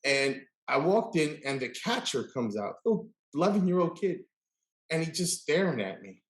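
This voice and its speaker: A man hosting a casual interview, telling animated stories and acting out the people he quotes. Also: fairly high pitch, normal speed, reverberant. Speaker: podcast host.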